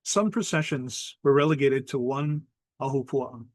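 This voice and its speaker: A middle-aged man with a Hawaiian accent, telling a traditional ghost story in lively spoken style, mixing in Hawaiian words and acting out voices. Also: mid-range voice, unhurried, no echo. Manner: animated, acts out quoted voices, mixes in Hawaiian words. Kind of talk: oral storytelling.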